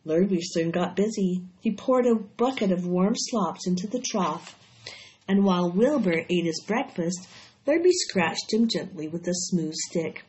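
A woman reading a children's story aloud in a steady, expressive way. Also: fairly low pitch, measured pace. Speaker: audiobook reader. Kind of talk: storybook read-aloud narration. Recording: dull lo-fi recording.

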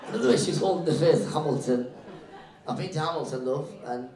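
A male stand-up comedian working the crowd from the stage, teasing people with quick, playful banter. His voice sits a little high, and it rings through an echoey live room, picked up from a few steps away. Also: far from the mic, background noise. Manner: brisk, playful, repeats his catchphrases.

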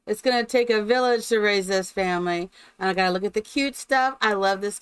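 A woman's voice: mid-range voice, moderate pace, few pauses, clear, resonant tone, dry recording, low-quality recording. A woman streaming gameplay live, chatting along and talking fondly to her game characters, after opening with a spoken blessing.

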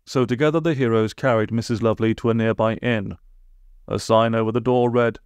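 A man narrating a comic storybook in a deadpan way, with dry asides. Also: on the low side, a little fast, clean tone, no room sound. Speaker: audiobook narrator.

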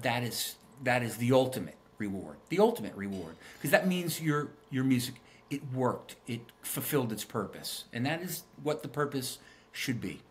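A middle-aged man recounts memories in a casual interview, earnest and reflective. His voice sits at an ordinary middle pitch, and he often circles back over his own words as he gathers his thoughts. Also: slight background noise. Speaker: guest musician.

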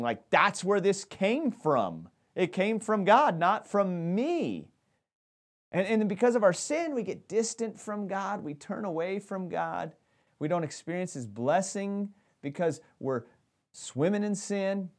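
A man's voice: high voice, very animated, slow pace. A man preaching a sermon as pastor, talking animatedly and often restarting his phrases.

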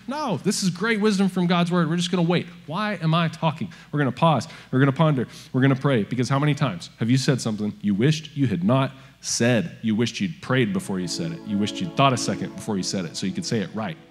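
Pastor guy preaching, chatty and animated, big echoey church hall, faint music underneath. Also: medium pitch, brisk, slightly rough. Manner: animated, conversational preaching with asides to the congregation. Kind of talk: sermon. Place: church auditorium.

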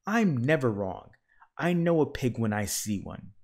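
A man's voice: medium pitch, big pitch swings, measured pace. A man doing a stern bossy old woman. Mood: indignant. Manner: strict, clipped, shouting. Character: bossy elderly woman, stern and sure she is right.

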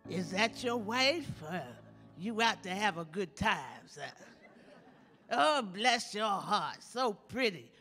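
A woman's voice: medium pitch, animated, takes it slowly, bright, forceful tone, slightly rough, faint music behind, heavily acted. An actress playing a bawdy older woman comedian, telling teasing stories in a live stage comedy monologue. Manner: bawdy, teasing, drawls and chuckles through punchlines. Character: sassy old woman comedian, bawdy storyteller. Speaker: stand-up comic in a stage play. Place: large theater stage with audience. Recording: long reverb of a large hall.

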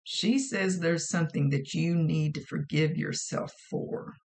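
A woman's voice: low-pitched, animated, unhurried, vocal fry, darkish tone. A woman working as a psychic medium who gives a casual reading, relaying messages and direct advice and often repeating her phrases.

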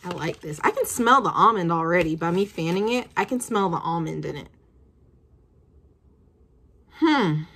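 A woman's voice: lowish voice, lively intonation, moderate pace, long pauses, a bit bright, a little hiss or hum. A woman in her twenties chatting casually as she reviews perfumes, thinking aloud with plenty of fillers. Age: 20s.

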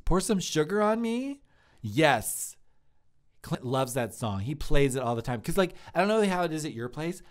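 A live-stream comedy host, a man with a medium-pitched voice, improvises in light acting as Bridget, a bubbly, gushing young woman who is a restaurant's lead server. As her, he rambles, giggles, and fills his talk with lots of "like."

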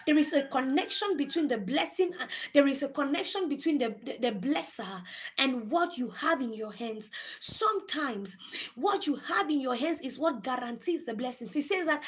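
High-voiced woman preaching a sermon. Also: lively intonation, moderate pace. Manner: retells scripture with acted quotes, repeats phrases.

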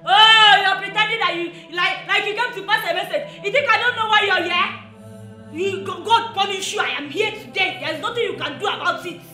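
A woman's voice: very high-pitched, fairly quick, pushed and bright. A Nigerian woman playing a jealous, scolding young wife in a film drama. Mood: accusing. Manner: scolding, accusing, bossy. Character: jealous, confrontational young wife, bossy and loud. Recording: echoey room with music.

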